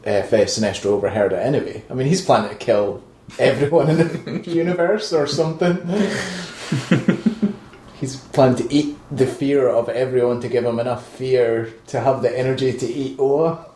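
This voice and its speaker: A man's voice: mid-range voice, moderate pace, mellow, slight background noise. A man hosting a casual film-review chat, joking and laughing often. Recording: echoey room.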